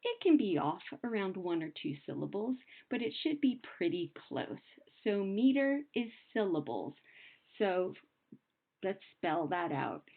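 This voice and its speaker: A young adult woman teacher explaining poetry to children in a patient, sing-song way, slowing down to sound out words. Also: medium pitch, very animated, vocal fry. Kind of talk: recorded classroom lesson. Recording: phone-like narrow sound.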